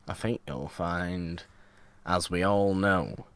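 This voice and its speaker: A man's voice: low-pitched, slow, a bit bright, clear, resonant tone, no echo. A man co-hosting a podcast in casual chat, rambling and self-mocking with old-fashioned phrasing. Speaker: podcast co-host.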